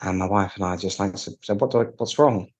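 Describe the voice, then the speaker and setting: A man from the UK talks through his story with wry candor, slipping into the voices of people he quotes. His voice sits low and has a husky, breathy edge. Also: fast. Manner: candid, wry, acts out quoted dialogue with restarts. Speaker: piano technician guest. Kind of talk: casual storytelling interview.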